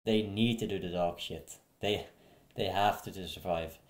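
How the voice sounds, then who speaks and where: Blunt, profane low-voiced male reactor. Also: normal speed. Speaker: reaction streamer. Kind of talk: casual reaction commentary. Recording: roomy echo.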